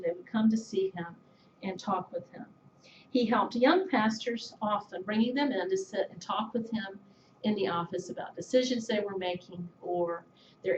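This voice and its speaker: A middle-aged woman giving an anecdotal tribute speech, telling stories in a measured way with soft laughs. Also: medium pitch, a little hiss or hum. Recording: echoey, slightly dull room recording.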